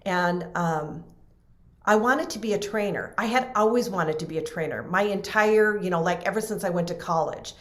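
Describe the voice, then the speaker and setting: A middle-aged woman tells a personal story as a guest on a podcast, and she slips into the voices of the people she quotes. Her voice sits a little low for a woman, and she laughs easily. The recording has a roomy echo. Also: normal speed. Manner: animated, acts out quoted voices, laughs often. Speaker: podcast guest, NLP trainer.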